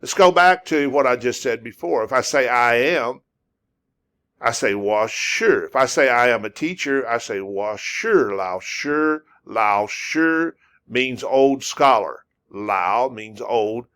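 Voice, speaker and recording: A man's voice: mid-range voice, expressive, slow pace, fairly bright tone, clean tone. A man teaching a language lesson, patiently repeating words and sounds over and over. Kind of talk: slow, repetitive language lesson.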